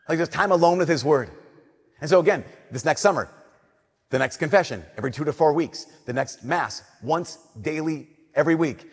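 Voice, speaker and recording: A young man, a Catholic priest, giving an earnest, conversational homily that drops to soft emphasis. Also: on the high side, breathy edge. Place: church. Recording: long church reverb.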